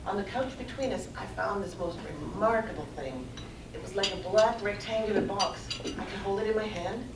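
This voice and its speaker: Woman, middle-aged, conference speaker, earnest measured storytelling, distant mic, background noise. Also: medium pitch, reverberant. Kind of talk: prepared personal talk read aloud. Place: conference room.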